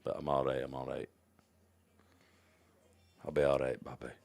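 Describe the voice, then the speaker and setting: A man's voice: rumbling low, completely flat delivery, unhurried, creaky, a little mellow, soft background music. A man giving chatty live-stream commentary on a pool match, greeting viewers by name and trailing off into mumbled asides.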